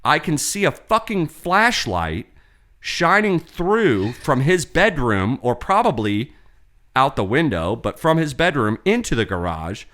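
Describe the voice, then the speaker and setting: A man spins a long, profane story on a casual podcast. His pitch leaps up and down as he tells it. His voice has a bright, sharp edge. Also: big pitch swings, unhurried. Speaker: podcast co-host.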